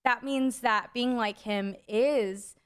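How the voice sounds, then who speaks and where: A woman's voice: fairly high pitch, slow pace, a bit bright, clear, resonant tone. A young adult woman co-hosting a faith podcast, telling a story in a rambling casual way, full of "like" fillers. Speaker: podcast co-host.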